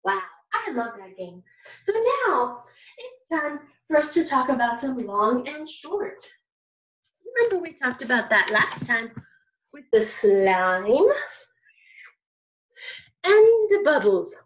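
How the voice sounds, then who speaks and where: Slow, high-voiced, encouraging kindergarten music teacher; woman. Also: big pitch swings. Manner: bright, encouraging, singsong teacher voice. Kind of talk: online music lesson for young children.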